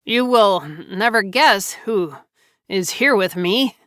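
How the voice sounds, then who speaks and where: Woman narrator doing an uneasy young husband, strained, trembling slightly, smooth clear tone, dry close sound, storybook. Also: mid-range voice, slow pace, a bit bright, dry recording. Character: anxious young husband and father.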